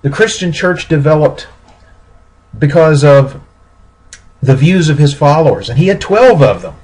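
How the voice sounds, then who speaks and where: Husky-voiced male history lecturer. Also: on the high side, rough recording. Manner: steady explanatory pace with pauses and self-corrections. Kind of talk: recorded classroom lecture.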